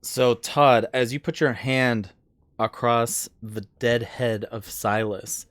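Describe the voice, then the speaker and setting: Brief: man as game master, slow and unhurried, dry close sound. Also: medium pitch, no echo. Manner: relaxed, rambling narration with fillers. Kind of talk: narrating a tabletop game.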